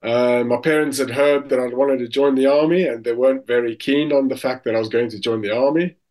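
A man's voice: medium pitch, steady tone, brisk, a little mellow. A man from South Africa with a South African accent, a guest telling anecdotes in a casual interview, often restarting his sentences. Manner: tells anecdotes with acted quotes, frequent restarts.

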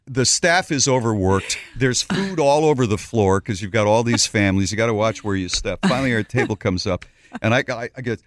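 A middle-aged man tells a story on a talk show, acting out each quote in a lively voice that swings high and low. His pitch sits in an ordinary middle range. The recording is dry and close. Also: quick pace, no echo. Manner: animated storyteller, acts out quotes. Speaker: radio show host.

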